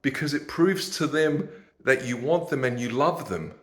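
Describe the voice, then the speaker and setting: A man's voice: medium pitch, moderate pace, a bit bright, reverberant. A man hosting his own podcast, ranting in a casual, exasperated, mocking way and laughing at his own stories. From Australia. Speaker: podcast host.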